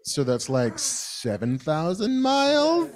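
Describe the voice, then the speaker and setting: Laid-back co-host man, lively pitch. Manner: laid-back, echoes the host's words, quick jokes. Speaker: podcast co-host. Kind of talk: live podcast chat with an audience. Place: live stage show in a cinema.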